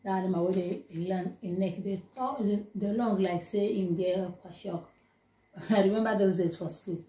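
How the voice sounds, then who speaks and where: A woman's voice: medium pitch, dark tone. Echoey Nigerian Pidgin woman teaching words. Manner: repeats each word slowly, then chats in Pidgin asides. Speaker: language teacher. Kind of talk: informal vocabulary lesson.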